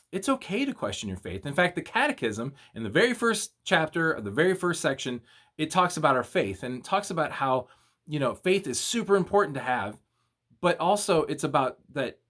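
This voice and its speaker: A young man, a youth minister, giving a casual video devotional and retelling a story in an animated, slangy way. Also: fairly high pitch.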